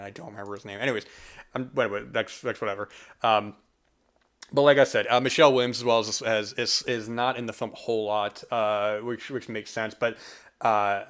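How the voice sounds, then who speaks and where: A young man from the US East Coast rambles through a casual film review, pausing on fillers and starting sentences over. His voice sits a little low. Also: fairly bright tone, clean tone. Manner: rambling, many fillers and restarts. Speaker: podcast host.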